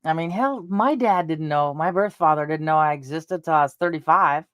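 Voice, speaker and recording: A woman's voice: sits low, normal speed, a bit bright, dry recording. Chatty middle-aged woman telling rambling stories. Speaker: vlogger. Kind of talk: casual storytelling to viewers.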